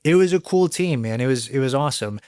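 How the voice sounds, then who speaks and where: Brief: middle-aged male guest, animated storyteller, curses freely, dry close studio sound. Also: medium pitch, quick pace, smooth, no echo. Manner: animated, swears freely, acts out quoted voices. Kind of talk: candid conversational storytelling.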